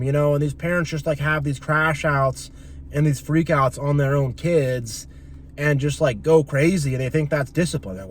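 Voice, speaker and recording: A man's voice: a little high, moderate pace, slight background noise. A young man talking in a casual, opinionated and rambling monologue as a channel host. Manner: opinionated, rambling, acts out quoted voices.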